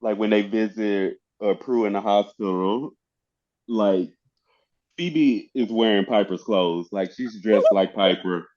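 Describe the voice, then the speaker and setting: A man's voice: fairly low pitch, unhurried, a little mellow, dull audio. A man co-hosting a podcast in casual chat, laid-back and joking, chuckling along with the others. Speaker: podcast co-host. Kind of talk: casual chat about a TV episode.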